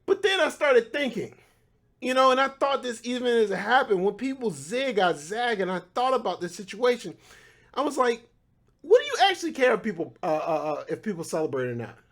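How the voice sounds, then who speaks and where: A man's voice: very high-pitched, sing-song, a little fast, a bit bright. A man in his thirties hosting his own podcast, talking casually with laughing asides and frequent restarts. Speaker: podcast host. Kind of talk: casual solo commentary.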